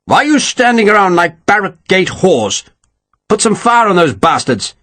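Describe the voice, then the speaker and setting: Male narrator as irascible old Welsh general: high-pitched, husky, swearing, scornful bluster. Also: big pitch swings, fairly quick, fairly bright tone, no echo, full character voice. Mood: furious.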